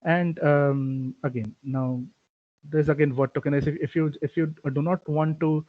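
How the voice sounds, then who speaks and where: A man's voice: on the high side, fairly even intonation, moderate pace, no echo. A man giving a recorded programming lecture, explaining step by step with frequent "okay" and "uh" fillers. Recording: dull, lo-fi dry recording.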